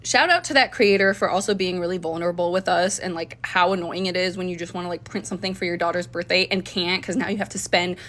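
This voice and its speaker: A woman's voice: on the low side, fast, hardly any pauses, a bit bright, a little hiss or hum. A woman commenting to her viewers in a conversational way, rallying them to act. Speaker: commentary creator.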